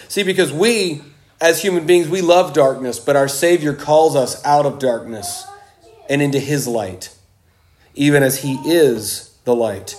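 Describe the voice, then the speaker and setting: A man preaching a sermon, slow and emphatic, with dramatic pauses. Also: sits high, darkish tone.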